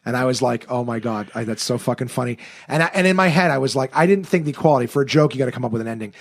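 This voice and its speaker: A man who is a comedian, telling a story on a podcast in casual chat, animated and swearing freely. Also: medium pitch, rapid-fire, creaky.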